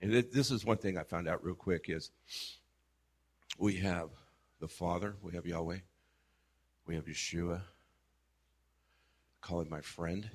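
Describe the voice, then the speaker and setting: A man sharing a personal prayer experience in a casual testimony, telling it in an animated way with acted-out quotes. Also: low-pitched, measured pace, long pauses, slightly rough. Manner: animated storytelling, acts out quoted exchanges, trails off softly.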